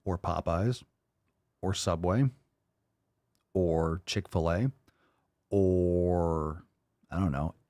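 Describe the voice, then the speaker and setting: A podcast host giving blunt, mocking reaction commentary, often profane. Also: male voice, low voice, drawn-out words, pauses often, a little mellow, no echo, studio quality.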